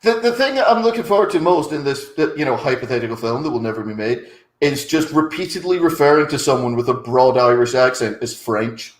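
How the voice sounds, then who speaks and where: A man's voice: medium pitch, reverberant, low-quality recording. A man co-hosting a comedy podcast, riffing on silly film ideas and laughing often. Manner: riffing, quick laughs, acts out bits. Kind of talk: casual comedic chat.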